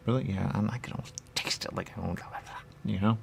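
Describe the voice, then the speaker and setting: Low gravelly rambling man. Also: moderate pace, fairly bright tone, a little hiss or hum. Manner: repetitive, answers his own questions; rambling and silly. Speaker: radio host. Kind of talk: rambling comic monologue.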